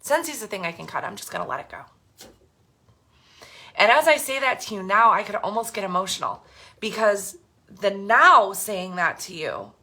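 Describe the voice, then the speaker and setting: A woman's voice: mid-range voice, vocal fry, sharp tone, husky. A woman in her thirties telling her own story to camera, earnest and frank, with frequent fillers and restarts. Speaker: direct sales team leader. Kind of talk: candid personal talk to camera.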